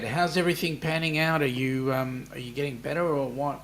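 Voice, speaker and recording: A man with an Australian accent hosts a casual livestream, reading viewer comments and chatting back with lots of "mate" and "um." His mid-range voice is steady and fairly bright, a little fast, with slight background noise.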